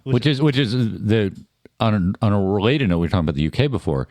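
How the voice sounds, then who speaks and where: A man's voice: fairly low pitch, animated, fast, a little mellow, no echo. A man born in Germany co-hosting a radio talk show, telling a chatty anecdote. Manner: chatty storyteller, explains things. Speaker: co-host. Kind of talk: casual chat, anecdote telling. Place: radio studio.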